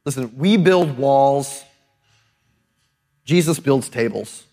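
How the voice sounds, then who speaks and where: A man's voice: mid-range voice, slow, mellow. A male pastor preaching a sermon in a conversational, emphatic way, often checking in with his listeners. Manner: conversational and emphatic, often adding tag questions.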